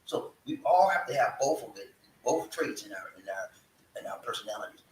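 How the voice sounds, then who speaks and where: A man's voice: mid-range voice, big pitch swings, normal speed, a little hiss or hum. A man hosting a live stream, hyping viewers with call-and-response chants and preacher-like fervor. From American South. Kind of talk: hyped live stream chat. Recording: echoey room, mic at a distance.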